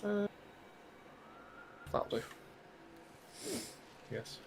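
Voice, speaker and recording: A man's voice: drawn-out words, noisy background. A man co-streaming a game, giving short reactions and muttering remarks about play. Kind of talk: casual chat while gaming.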